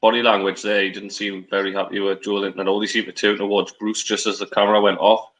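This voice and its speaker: A man's voice: fairly low pitch, flat delivery, fast talker, fairly bright tone, poor audio. A man on a video call, giving rambling, opinionated football talk on a live fan stream. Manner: rambling, opinionated, many restarts. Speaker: co-host on a live match-day fan stream. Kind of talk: casual opinionated football chat.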